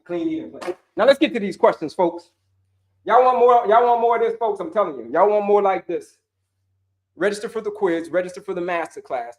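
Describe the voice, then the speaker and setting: A high-voiced man hosts a live wellness stream, answering questions from the chat. He talks in an energetic, slangy way, says his points over and over and acts out voices. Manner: animated, slangy, repeats himself, acts out viewers' voices. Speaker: wellness coach hosting a livestream.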